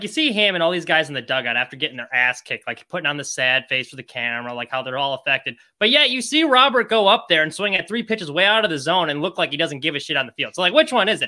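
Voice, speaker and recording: A man's voice: a little high, sharp tone. A man co-hosting a sports podcast, blunt and exasperated about his team's play. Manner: blunt, exasperated, fast-talking. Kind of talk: casual sports chat.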